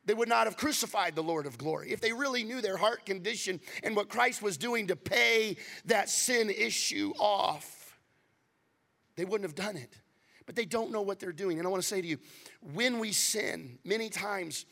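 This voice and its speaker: Male pastor, gravelly, fairly high voice; animated sermon that drops to hushed asides. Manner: animated preaching, swings from loud to hushed.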